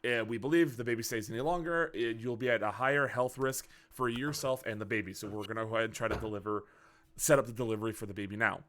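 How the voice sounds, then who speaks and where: A young man hosting a casual podcast, telling a story in a lively, swearing way and acting out the people in it. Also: medium pitch, fast talker. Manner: animated, swearing storyteller who acts out quotes. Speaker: podcast host.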